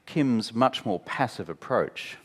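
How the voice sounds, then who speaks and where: A man's voice: medium pitch, slow, husky. A man in his fifties with an Australian accent, a guest on stage telling blunt, wry anecdotes and mimicking the people he quotes. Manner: animated storyteller, mimics others, wry and blunt. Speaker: interview guest, former prime minister. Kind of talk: candid anecdotal conversation on stage. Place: stage at a talk venue.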